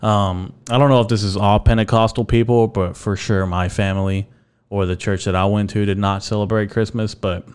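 Low smooth-voiced rambling podcast man. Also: darkish tone. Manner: rambling and joking, with many fillers and swearing. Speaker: podcast host. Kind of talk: casual solo podcast chat.

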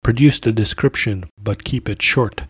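A man's voice: lowish voice, moderate pace, a bit bright, breathy edge, no echo. A man voicing a haughty, stern male palace servant who talks curtly and dismissively. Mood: disdainful. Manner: curt, dismissive.

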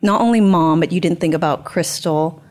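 A woman's voice: fairly low pitch, moderate pace, darkish tone. A young woman telling a personal story candidly in a casual podcast chat, acting out quoted dialogue.

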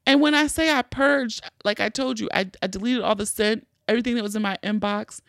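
A woman hosting a podcast, telling a personal story in a candid, animated way with plenty of swearing. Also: on the high side, brisk, gravelly, no room sound, studio quality. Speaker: podcast host. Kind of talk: casual storytelling.

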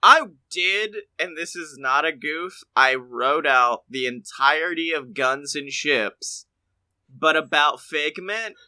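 A podcast co-host with a very bright, slightly high voice chats casually and excitedly, though at a slow pace. He laughs a lot, and his pitch and volume climb whenever he gets worked up.

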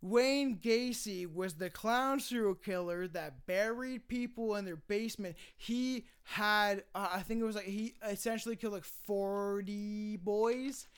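A man's voice: high-pitched, unhurried, few pauses, clear, resonant tone. A man co-hosting a podcast in loose, profane, joking chat that often trails off mid-sentence. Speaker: podcast co-host. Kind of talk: casual chat.

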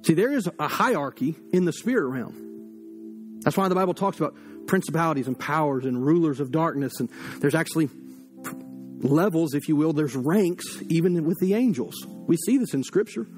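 A man's voice: on the high side, animated, normal speed, a little mellow, soft background music. A man preaching a sermon as pastor, fiery and direct, talking to the congregation as if across a table.

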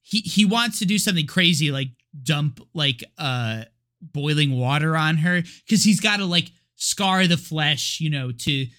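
A man's voice: fairly high pitch, lively intonation, unhurried, bright, forceful tone. A man co-hosting a podcast, chatting casually about a movie, laughing often and talking with lots of filler words. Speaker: podcast co-host.

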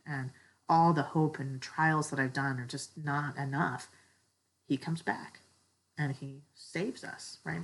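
A woman's voice: sits low, fairly bright tone, breathy edge, low-quality recording. A woman giving an earnest, heartfelt faith talk that moves from a personal story to a spiritual lesson. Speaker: church speaker.

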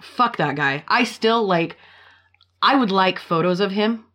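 A woman hosting a casual podcast, retelling a story in a blunt, profane, animated way. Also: mid-range voice, unhurried. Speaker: podcast host.

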